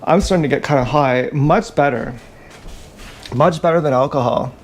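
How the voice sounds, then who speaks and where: A man rambling crudely through a live stream monologue, often clearing his throat. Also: on the high side, moderate pace, a little hiss or hum. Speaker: livestreamer. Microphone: action camera.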